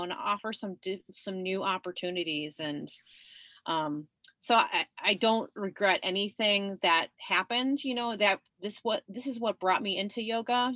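Middle-aged woman, guest storyteller: bright tone, chatty, laughs often, dry close recording. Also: medium pitch, no echo. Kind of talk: conversational storytelling.

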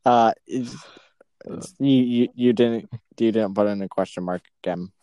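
A man's voice: on the low side, fairly even intonation, normal speed, mellow, smooth, no room sound. A young man co-hosting a casual podcast, joking and playful. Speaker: podcast co-host. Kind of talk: casual chat.

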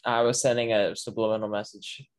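A man guesting on a podcast in casual chat, deadpan and mock-dramatic. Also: lowish voice, fairly quick, clean tone.

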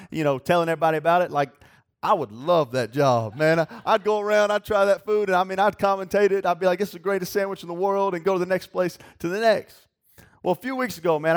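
A young man preaching a sermon, with a voice that sits a little high. He tells folksy stories and works himself up to excited shouts. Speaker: youth pastor preaching.

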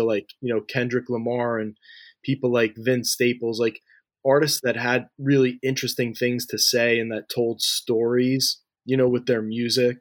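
Man, 30s, interview guest. Conversational and loose, level pitch, dry room. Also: no room sound. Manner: loose and talky, heavy on fillers like "you know" and "like", frequent restarts. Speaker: interview guest, music industry figure.

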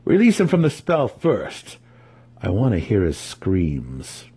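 A man voicing a cruel male dark elf commander who speaks calmly, coldly and with scorn. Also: fairly low pitch, breathy edge, heavily acted. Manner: cold, calm and measured.

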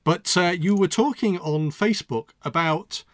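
A man's voice: sits high, a little slow, no room sound. A man hosting a radio show, interviewing a guest in a chatty, hesitant way with repeated words.

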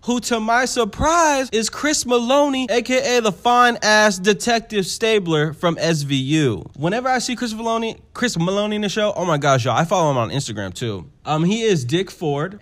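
A man with a fairly high voice gossiping through a TV episode recap. He is sassy and profane, full of ums and side comments. He talks like he is chatting with friends. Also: a bit bright. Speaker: TV recap host. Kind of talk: casual show recap.

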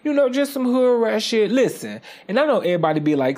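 A podcast host talking casually on their own, animated and profane, often checking in with "okay?". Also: mid-range voice, fast. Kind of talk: casual solo podcast monologue.

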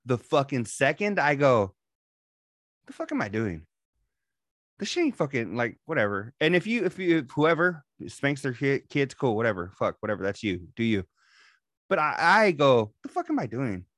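A man's voice: mid-range voice, fairly bright tone, no echo, studio quality. A man in his thirties co-hosting a podcast, telling a story about his daughter in a casual, profanity-laden way. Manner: profane, storytelling, calls partner "dog". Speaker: podcast co-host. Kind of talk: casual chat.

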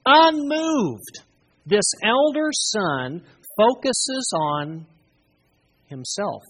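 A preacher delivering a sermon in an unhurried, deliberate way. The voice is husky and a little breathy. The pitch swings widely as the story is retold with emphatic repetition. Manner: expressive, emphatic storytelling with dramatic pauses.

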